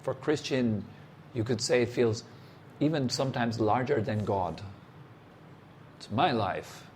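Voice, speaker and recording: A man giving a meditation talk as a teacher, speaking in short, unhurried phrases and putting direct, challenging questions to the listener. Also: medium pitch, a little mellow, a little hiss or hum.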